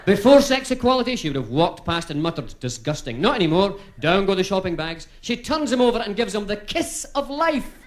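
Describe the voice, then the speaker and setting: A male stand-up comedian with a Dundee Scottish accent, telling jokes to a crowd in a chatty, punchline-driven way. His voice sits high and swings around a lot. It is live stand-up comedy. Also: big pitch swings, a little fast, slight background noise. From Dundee, Scotland.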